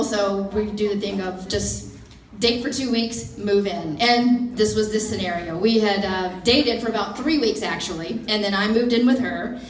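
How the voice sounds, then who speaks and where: A woman, telling an animated, self-mocking stand-up story. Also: a little high, a little hiss or hum. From Mississippi, USA. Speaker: stand-up comedian. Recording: roomy, from far off.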